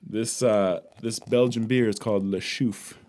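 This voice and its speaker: A man's voice: lowish voice, fairly even intonation, unhurried, a little mellow. A man co-hosting a casual podcast, playful and teasing, chatting in an upbeat way. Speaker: podcast co-host. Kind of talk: casual chat.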